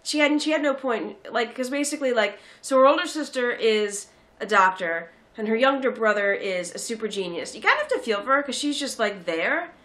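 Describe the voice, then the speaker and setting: A woman in her thirties chatting casually about a film, sarcastic and animated, often putting on mocking voices. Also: a little high, a little fast. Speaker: film reviewer. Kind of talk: casual chat.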